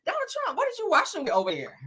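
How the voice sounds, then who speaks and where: A woman's voice: very high voice, rapid-fire. A woman hosting a casual celebrity gossip show, sassy and profane, laughing often and talking straight to her viewers. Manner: animated, dramatic emphasis.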